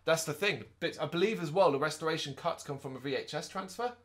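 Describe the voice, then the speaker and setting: A man co-hosting a podcast, chatting casually and recapping a movie in an animated way, with quick asides in put-on voices. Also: fairly high pitch. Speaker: podcast co-host. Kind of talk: casual movie review chat.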